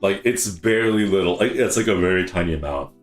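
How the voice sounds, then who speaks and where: A man's voice: deep voice, lively intonation, fast, faint music behind. A man with a stuffy nose, chatting playfully and rambling on a casual stream from a small city apartment.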